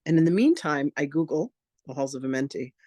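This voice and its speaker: A man and reverend teaching in an online masterclass, telling personal stories in a candid, animated, casual way. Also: fairly high pitch, fairly quick, dry recording, studio quality. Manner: animated, acts out quoted voices, casual and candid.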